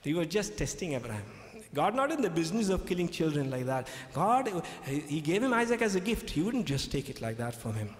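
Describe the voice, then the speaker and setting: Emphatic pastor speaking in an echoey hall. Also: male voice, a little high, big pitch swings, a little fast. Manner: emphatic, repeats key phrases, checks in with "okay?". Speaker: pastor in a public debate. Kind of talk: debate speech retelling scripture. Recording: echoey hall with long reverb.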